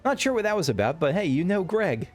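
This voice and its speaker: A man's voice: high voice, big pitch swings, fast, faint music behind, voice pushed up. A man reading game dialogue aloud as a cheerful young woman assisting a detective, chatty and upbeat.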